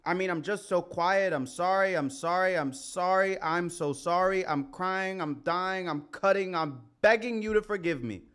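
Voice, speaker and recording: A man performing a confessional spoken-word poem at an open mic, in a measured delivery. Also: high voice, fairly bright tone, clear, resonant tone. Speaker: performing poet. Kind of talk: spoken-word poetry recital. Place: community center stage.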